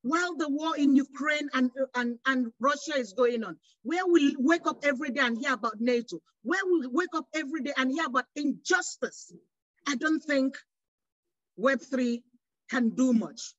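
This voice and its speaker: A woman's voice: sits high, moderate pace, a bit bright, no room sound, lo-fi sound. A woman from West Africa speaking on a panel, passionate, full of rhetorical questions and restarts. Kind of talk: panel discussion.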